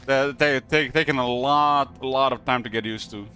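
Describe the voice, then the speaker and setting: Chatting casually during a gaming live stream, a Croatian man rambles in English, his second language, with a Croatian accent and many hesitant fillers. His voice is mid-range, pushed and bright, with a steady tone at a moderate pace, and faint music runs behind it.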